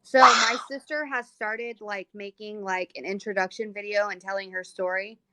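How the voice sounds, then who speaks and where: A woman joining a live stream, telling a story in an animated, profane way. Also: medium pitch, moderate pace, dry recording, low-quality recording. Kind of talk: casual live-stream chat.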